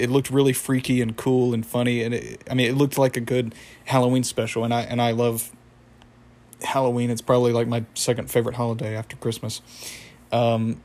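Flat-voiced young man rambling through a recap. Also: medium pitch. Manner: rambling, with many fillers and laughs. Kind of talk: casual episode recap.

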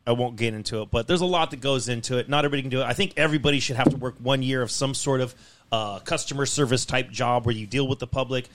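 A man's voice: medium pitch, fast, a bit bright, a little hiss or hum. A young man hosting a podcast, ranting in a casual, exasperated way and swearing constantly. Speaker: podcast host.

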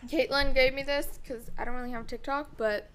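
A woman's voice: high voice, fairly even intonation, a little fast, a bit bright, a little hiss or hum. A young woman co-hosting a podcast, chatting casually with short, plain replies. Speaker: podcast co-host. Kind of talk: casual chat.

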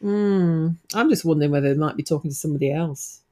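A woman's voice: low-pitched, fast, warm tone. A woman co-hosting a casual paranormal podcast, agreeing readily and giggling as she chats. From Australia. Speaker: podcast co-host. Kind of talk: casual chat.

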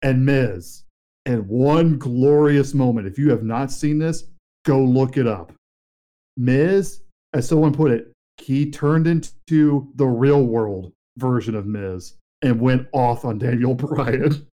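A young man co-hosting a casual podcast, telling a story with excitement. He acts out the lines of the people in it. His voice has a mellow, warm tone. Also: mid-range voice, takes it slowly. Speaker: podcast co-host. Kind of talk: casual chat.

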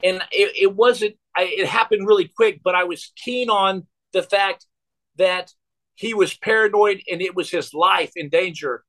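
A man's voice: high-pitched, a little slow, a bit bright, rough recording. A man in his forties telling a long personal story as a podcast guest, rambling and repeating words with many fillers.

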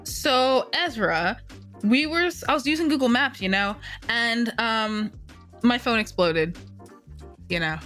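A woman's voice: fairly high pitch, lively intonation, measured pace, fairly bright tone, faint music behind. A woman playing a laid-back young woman who tags "you know" on every sentence. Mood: easygoing.

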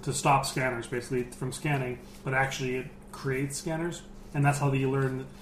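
A man's voice: mid-range voice, flat delivery, fairly quick. A man co-hosting a casual podcast chat, teasing his co-host with dry sarcasm. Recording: echoey room, faint noise.

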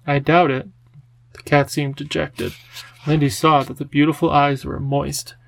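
A man reading a children's storybook aloud in a gentle, even storytelling manner. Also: on the high side, moderate pace, gravelly. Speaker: audiobook narrator. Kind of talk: scripted storybook narration.

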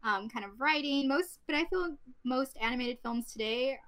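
A woman's voice: high voice, normal speed, a bit bright. A woman co-hosting a podcast in casual chat, talking in a chatty, giggly way. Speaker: podcast co-host.

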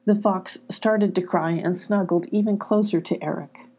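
Woman, children's storybook narration, calm, gentle, husky, breathy. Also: fairly low pitch, moderate pace. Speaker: storybook reader.

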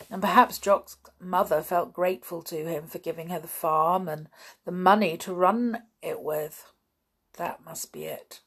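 A woman reading a children's novel aloud in a calm, even storytelling manner. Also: lowish voice, husky. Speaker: audiobook narrator.

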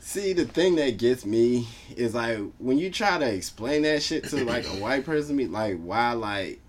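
A man chatting casually with friends on a podcast, telling stories in an animated, profane way. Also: medium pitch, normal speed. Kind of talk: casual chat.

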